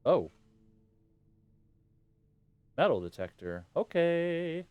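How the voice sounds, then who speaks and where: A man's voice: a little high, big pitch swings, very slow, a little mellow, clear, resonant tone, no echo. A man streaming a video game live, muttering and reading on-screen text aloud with slangy jokes. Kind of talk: casual live gameplay commentary.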